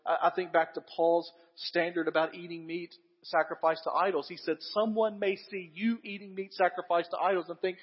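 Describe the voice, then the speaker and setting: A man preaching a sermon, his voice pitched high for a man. He speaks earnestly, builds emphasis through repeated phrases and asks the congregation questions. The sound is dull and lo-fi, with a long reverb trailing through the church hall. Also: level tone, brisk, hardly any pauses, breathy edge. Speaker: pastor.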